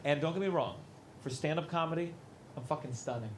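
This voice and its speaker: A man's voice: fairly high pitch, fairly quick. A man in his thirties doing stand-up crowd work on a club stage, brash and profane as he teases the audience. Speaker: stand-up comedian. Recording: noisy live club recording.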